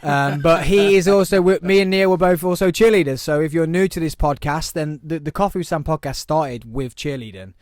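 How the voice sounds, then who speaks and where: A man's voice: on the high side, fairly quick, few pauses, no room sound, clean studio sound. Fields: chatty young British man, podcast host. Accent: British English. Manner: chatty, giggly, tipsy banter. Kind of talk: casual chat. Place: small home studio. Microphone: headphones and studio mic.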